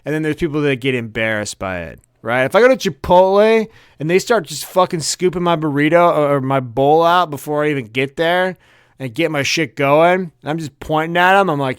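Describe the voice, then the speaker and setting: A man's voice: fairly high pitch, brisk, smooth, no room sound, clean studio sound. A young man on a comedy podcast, ranting casually and profanely, acting out quotes and laughing as he tells stories. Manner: profane, animated storytelling with laughs and acted-out quotes. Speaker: podcast co-host.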